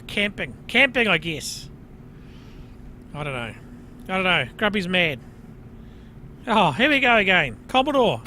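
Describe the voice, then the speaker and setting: High, sharp-voiced grumbling New Zealand man. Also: big pitch swings, normal speed, slight background noise. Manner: exasperated grumbling, calls himself Grumpy in the third person; frequent outbursts and mild swearing. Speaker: dash cam channel host. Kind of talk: ranting commentary over dash cam footage.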